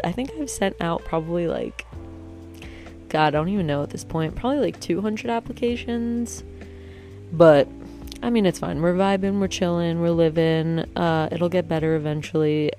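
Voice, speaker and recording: A young woman with a notably low voice, rambling through a story with lots of fillers and wry jabs at herself. Faint music plays behind her. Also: normal speed, a little mellow. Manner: chatty, filler-heavy, self-mocking. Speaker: vlogger. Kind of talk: casual storytelling monologue.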